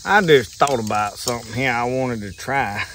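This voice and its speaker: A man's voice: mid-range voice, normal speed, fairly bright tone, slight background noise. A man with a Southern US accent talking casually from a kayak on a pond, folksy and rambling, chuckling as he goes. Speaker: fishing vlogger. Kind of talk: casual outdoor talk to camera. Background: insects and crickets.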